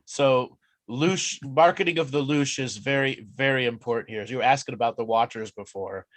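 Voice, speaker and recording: A man's voice: mid-range voice, normal speed, a bit bright. A man co-hosting a comedy show, blunt and sarcastic, with casual profanity. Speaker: comedy podcast co-host. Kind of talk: casual comedic roasting banter.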